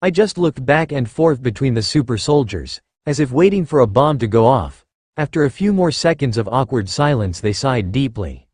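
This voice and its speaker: A man narrating a first-person fan fiction story in an expressive reading style. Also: mid-range voice, moderate pace, dry recording, studio quality.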